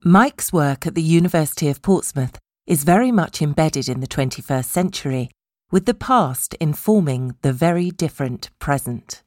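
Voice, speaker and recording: A woman narrating a feature in a measured, polished, scripted way. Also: low-pitched, expressive, darkish tone, dry recording, studio quality.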